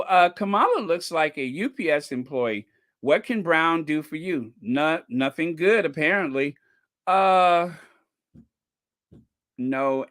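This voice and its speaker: A man's voice: a little high, a bit bright. A man hosting a commentary channel, talking casually to his viewers with frequent laughter and emphatic asides.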